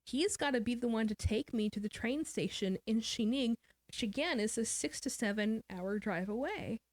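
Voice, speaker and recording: A woman's voice: fairly high pitch, normal speed, no echo, studio quality. A woman guest author telling a personal story in an interview, candid and somber, often quoting what others said.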